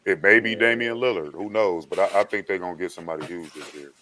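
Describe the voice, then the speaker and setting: A man with a very low voice speaks on a casual sports panel. He is relaxed and slangy, working through his opinions aloud. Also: fast, a crowd in the background, rough recording.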